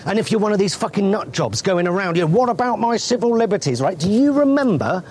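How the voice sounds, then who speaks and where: A man's voice: sits high, very animated, fast, a little mellow, slight background noise. A man playing a furious male news reporter with an English accent, ranting in exasperated, sweary bursts.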